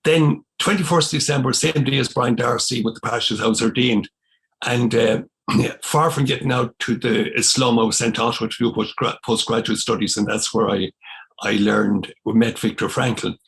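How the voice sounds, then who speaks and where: Gravelly older Irish man telling stories. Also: mid-range voice, normal speed. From Ireland. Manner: animated storyteller, acts out quoted dialogue. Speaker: podcast guest, former missionary priest. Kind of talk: storytelling in conversation.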